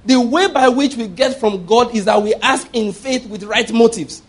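A man's voice: very high voice, normal speed, slightly rough. A Nigerian man in his fifties preaching a sermon, emphatic and often asking the congregation whether they follow his point. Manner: emphatic, keeps checking the congregation understands. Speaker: pastor.

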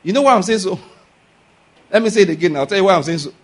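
Male preacher, high husky voice, emphatic, works the room with call-and-response questions. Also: lively intonation, fast. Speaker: pastor. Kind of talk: sermon.

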